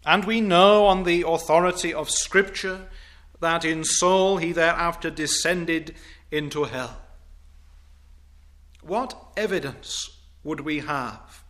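Slow, emphatic male preacher. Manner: measured, emphatic delivery with slow stressed phrases; falls to a low, quiet voice on solemn points. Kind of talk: sermon.

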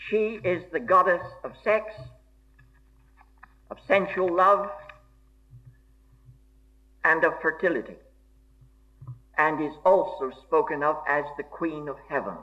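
A man preaching a sermon in a slow, deliberate and emphatic way, with formal old-fashioned diction. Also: a little high. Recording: dull lo-fi recording.

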